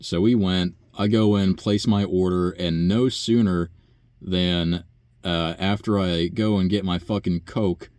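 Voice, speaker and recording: A man's voice: low voice, steady tone, a little slow, a little mellow, no room sound, studio quality. A young man, a nursing home worker, telling a long profane story in a rambling, sighing way. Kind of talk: casual rant monologue.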